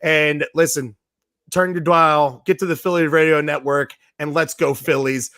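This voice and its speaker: Sports radio host, man, hoarse, pumped up, higher-pitched voice, dry close sound. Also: fairly even intonation, a little slow, fairly bright tone, no echo. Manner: fired-up, rallying fans. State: losing his voice. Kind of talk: excited sports radio talk.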